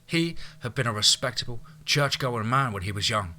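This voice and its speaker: In an audiobook, a man voices a proud, defiant young woman, raising his pitch above his own natural voice. The medium-pitched delivery is sharp, lively in intonation and at normal speed, firm and lecturing with a hint of exasperation.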